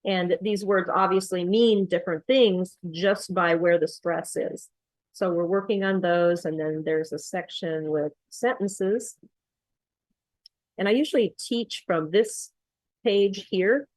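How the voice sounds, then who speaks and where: Low-voiced woman explaining a lesson. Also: slow pace, no room sound, low-quality recording. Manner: explanatory, steady, with frequent ums. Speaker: accent coach. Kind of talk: screen-share tutorial walkthrough.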